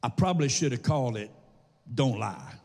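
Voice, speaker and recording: Husky preacher in a reverberant hall. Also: male voice, medium pitch, animated, moderate pace. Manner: call-and-response preaching, rising to sung shouts. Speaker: pastor. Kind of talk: sermon.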